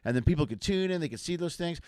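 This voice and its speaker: A man's voice: fairly high pitch, expressive, fast, a little mellow, clear, resonant tone, no room sound, clean studio sound. A man from the area, a comedian hosting a casual live chat show and rambling jokily. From Chicago area. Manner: rambling, jokey, self-deprecating.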